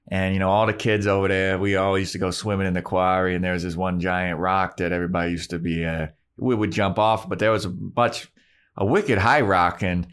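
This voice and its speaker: A man co-hosting a TV recap podcast, chatting casually and acting out scenes in quick put-on voices, swearing freely. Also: fairly low pitch, fairly bright tone, smooth. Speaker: podcast co-host.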